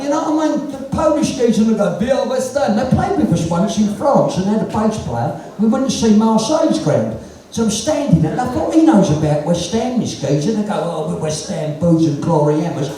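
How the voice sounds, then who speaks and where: Very animated and brisk, his very high-pitched voice still has a mellow quality. This punk musician guest from London tells foul-mouthed, earthy stories to an audience at a music venue and performs the dialogue in them. He's recorded from far away, with the room's echo clearly audible.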